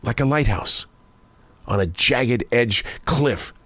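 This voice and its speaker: Older male host musing aloud, pitch wanders, slows for emphasis, dry close mic. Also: lively intonation, pushed and bright, no echo. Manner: musing, wandering pitch, quick bursts and slow emphatic phrases. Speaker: broadcaster and daily writer. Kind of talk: reflective spoken essay.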